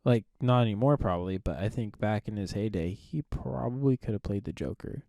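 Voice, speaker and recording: A man co-hosting a casual movie review podcast, relaxed and easygoing, laughing often and pausing with ums. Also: lowish voice, vocal fry, dry recording. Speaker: podcast co-host.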